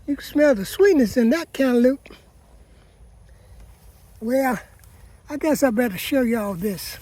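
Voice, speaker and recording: Folksy husky man in a garden. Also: extremely high pitch, lively intonation, unhurried, dark tone, no echo. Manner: folksy, chatty, keeps addressing viewers as "people". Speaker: gardening vlogger. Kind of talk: casual garden walkabout vlog. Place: outdoor vegetable garden.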